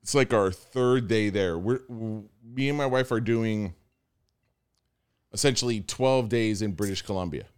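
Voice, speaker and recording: A man's voice: lowish voice, unhurried, darkish tone, clean tone. A young American man telling a story in casual chat, acting out the people he quotes. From United States.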